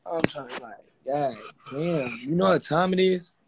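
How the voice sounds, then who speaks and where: A man with a somewhat high voice grumbles and complains in a tired, worn-out way. He talks in loose casual banter with friends. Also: moderate pace, a crowd in the background.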